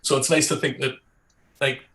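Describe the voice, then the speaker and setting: Un cómico de Newcastle con acento geordie, que charla en tono de broma en un programa de llamadas. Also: male voice, mid-range voice, level tone, normal speed, a bit bright. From Newcastle, England. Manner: jokey, mimics regional accents. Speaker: comedian guest. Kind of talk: casual chat on a call-in show. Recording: roomy echo.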